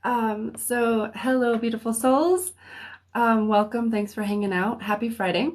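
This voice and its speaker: A woman hosting a livestream of free readings in a relaxed, unhurried way, often pausing on "um" as she chats with viewers. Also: on the high side. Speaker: host and psychic reader. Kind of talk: casual livestream chat.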